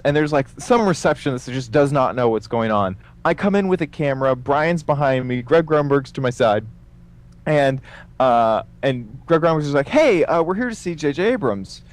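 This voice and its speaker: An animated man tells a story in a relaxed, casual way. He leans on fillers and acts out the voices of the people involved. His pitch sits in a middle range. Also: moderate pace. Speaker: guest telling a story.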